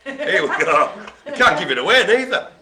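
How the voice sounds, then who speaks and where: High, lively British bingo host. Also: male voice, normal speed, echoey room, a crowd in the background. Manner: jokey, hammy compere with playful banter. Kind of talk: live comic bingo calling.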